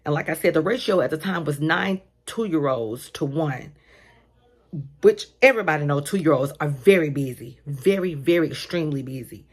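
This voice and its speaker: A woman with a slightly low voice tells a storytime from her daycare job. She chats loosely, circles back often and keeps calling out to her viewers. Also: animated, moderate pace. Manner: chatty, addresses listeners as y'all, lots of asides. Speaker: vlogger telling a workplace story. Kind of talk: casual storytime.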